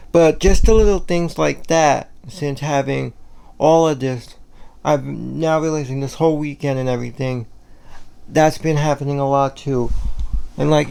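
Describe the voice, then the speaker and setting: Gravelly-voiced man chatting in a home vlog. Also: on the high side, a little mellow. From Puerto Rico. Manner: rambling, lots of "you know" and "like" fillers. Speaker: vlogger. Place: home, kitchen and bedroom.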